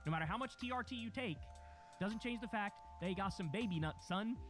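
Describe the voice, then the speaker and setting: A man's voice: sits high, animated, brisk, fairly bright tone, faint music behind. A man streaming reaction commentary on clips, blunt and ranting, swearing heavily.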